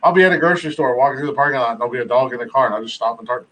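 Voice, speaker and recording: A man's voice: medium pitch, racing, a bit bright, poor audio. A man co-hosting a podcast in casual chat, blunt and swearing, chuckling through his stories. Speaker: podcast co-host.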